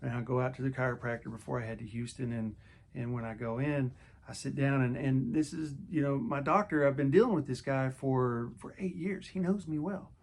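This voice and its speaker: A middle-aged man speaking candidly, telling his own story in a loose, conversational vlog style. His voice sits at an ordinary mid pitch, and he often stumbles, repeats a word and starts again as he talks. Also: a little fast, vocal fry, slight background noise. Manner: conversational, repeats and restarts words. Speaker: vlogger.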